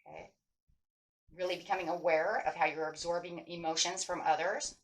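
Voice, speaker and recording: A woman tarot reader with a somewhat low voice talks her viewers through spiritual advice in a casual way. She is earnest and emphatic, repeats her key phrases, and keeps tagging her points with a quick "right?". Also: steady tone, rough recording.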